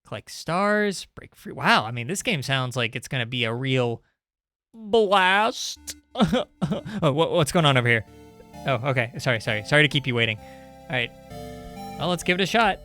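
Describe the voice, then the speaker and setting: Young guy streaming games, sarcastic chatter, bright voice, faint game music. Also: medium pitch, lively intonation, moderate pace, no echo. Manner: chatty and sarcastic, reads on-screen text aloud. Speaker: streamer playing indie games. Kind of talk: casual live-stream commentary.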